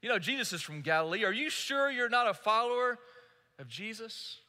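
A preacher playing a suspicious, probing bystander. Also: male voice, high voice, lively intonation, fairly quick, bright, forceful tone, pitched above the performer's own voice, heavily acted. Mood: accusing. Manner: pointed, questioning. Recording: echoey hall.

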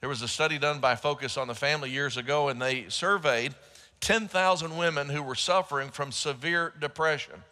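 Male pastor, mid-pitch, bright and forceful delivery, joking sermon style, live church hall reverb. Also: fairly quick. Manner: joking with the congregation. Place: large church auditorium.

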